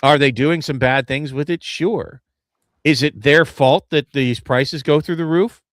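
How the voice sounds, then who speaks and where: A man's voice: on the high side, measured pace, dry recording, clean studio sound. A man co-hosting a casual card-game podcast, blunt and dismissive, swearing freely as he rants. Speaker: podcast co-host. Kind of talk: casual opinionated chat.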